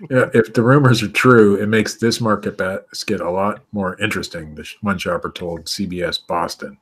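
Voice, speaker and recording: A man's voice: lowish voice, fairly even intonation, breathy edge. A man co-hosting a podcast, reading odd news stories aloud with stumbles and bursts of laughter. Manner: reads stories haltingly, laughing through them.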